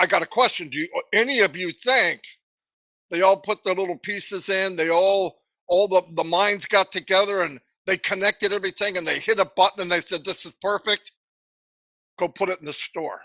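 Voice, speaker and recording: A man delivers a live motivational talk in a high, bright voice. He is emphatic and keeps asking the listeners rhetorical questions. The sound is dry and close. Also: dry recording. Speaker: motivational speaker.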